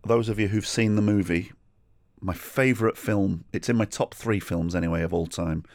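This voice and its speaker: A deep-voiced English man telling a story on his solo comedy podcast, sweary and chatty, with bursts of animation and asides. His voice is close and dry, with no room sound around it. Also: normal speed, darkish tone, no room sound. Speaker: podcast host.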